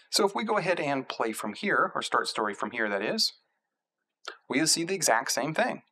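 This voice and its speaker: A man in middle age, voice at a typical pitch, explaining code step by step in a screencast lesson. He works slowly through each term and says the key words again as he points at the screen. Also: bright, forceful tone, husky, rough recording. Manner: methodical, repeats terms while pointing at code. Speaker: instructor. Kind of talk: screencast tutorial.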